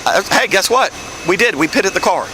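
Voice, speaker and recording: A man's voice: sits high, expressive, moderate pace. A man working as a police sergeant, talking bluntly and with irritation to people at a street scene, recorded on a body camera. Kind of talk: bodycam field talk. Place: outdoors on a street by cars. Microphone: body-worn camera. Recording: noisy outdoor bodycam audio.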